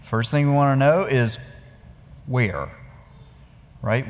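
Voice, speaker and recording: A male pastor with a medium-pitched voice preaches slowly, his words followed by a long reverb tail. He tells his sermon in a conversational, storytelling way and poses rhetorical questions to the congregation.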